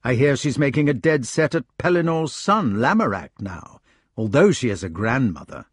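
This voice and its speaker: A calm, blunt knight, as a male narrator plays him, speaks level and matter-of-fact. The voice sits at a middle pitch, husky and dry. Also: normal speed, dry recording.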